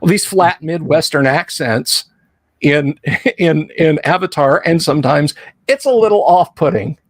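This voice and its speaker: A middle-aged American host chatting on a live stream, wandering through his stories with asides and repeated false starts. His voice sits a little high for a man. The sound is dry and close, with no room echo. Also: measured pace. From United States. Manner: rambling storyteller, frequent restarts and asides. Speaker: podcast host. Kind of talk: casual live-stream chat.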